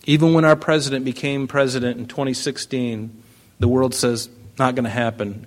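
Male pastor, emphatic sermon delivery, rhetorical questions, mid pitch. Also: steady tone, normal speed. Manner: emphatic, rising to loud declarations, with rhetorical questions. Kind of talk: sermon, reading and expounding scripture.

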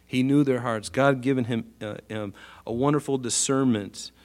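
Animated man preaching a sermon. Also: medium pitch, normal speed. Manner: animated preaching, acts out quoted voices with big swings in loudness. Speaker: pastor.

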